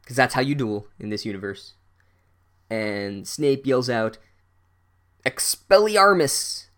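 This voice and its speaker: A man's voice: fairly low pitch, unhurried. Sarcastic man doing a profane comedy recap. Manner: sarcastic, profane, deadpan asides; swings to loud incredulous outbursts. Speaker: podcast host recapping a book.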